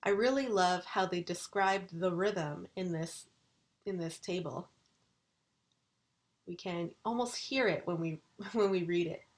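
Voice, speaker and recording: A woman university English lecturer recording a video lesson, enunciating vocabulary words slowly and deliberately. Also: fairly low pitch.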